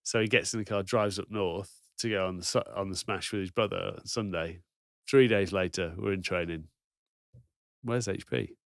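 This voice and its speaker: A man's voice: low voice, steady tone, brisk, gravelly, few pauses, fairly bright tone, no room sound, studio quality. A man in his thirties, a podcast co-host and former rugby player, telling a story casually and laughing at the punchlines. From England.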